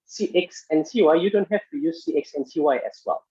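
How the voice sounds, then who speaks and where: A man lecturing on engineering statics in halting speech full of fillers and restarts, working through a problem step by step. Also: fairly high pitch, animated, darkish tone, husky, no room sound. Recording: muffled lo-fi audio.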